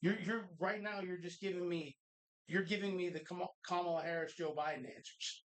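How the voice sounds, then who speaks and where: A man's voice: high-pitched, steady tone, brisk, fairly bright tone, low-quality recording. A man co-hosting a live podcast from a bar, talking bluntly and swearing freely as he rants. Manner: blunt, profane, ranting. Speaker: co-host.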